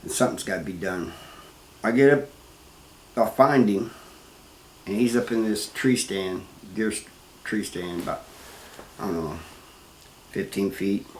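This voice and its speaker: Guy telling his story, halting and plain, kinda low voice, echoey room w faint hiss. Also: fairly even intonation. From Missouri, US. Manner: plain-spoken, halting, with restarts and "you know". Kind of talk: first-person storytelling. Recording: roomy, with faint background noise.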